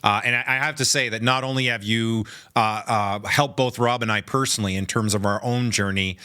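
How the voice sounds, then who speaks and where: A man's voice: fairly low pitch, steady tone, brisk, sharp tone, clean tone. A man co-hosting a podcast, speaking reflectively about personal growth in casual chat. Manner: reflective, with many "uh" fillers. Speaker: podcast co-host.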